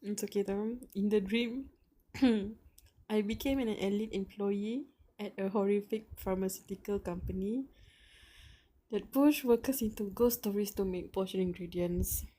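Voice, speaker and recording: A woman's voice: medium pitch, measured pace, mellow. A young woman reads a story aloud for her stream, taking her time over each line. She sounds nervous and emotionally wound up, sighing and laughing between passages and tossing out casual slang. Her breathing sits right up close to the microphone. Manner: slangy, calls viewers bro and dude. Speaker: live-stream reader. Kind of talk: live reading of a web novel with reactions. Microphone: close mic, audible breathing.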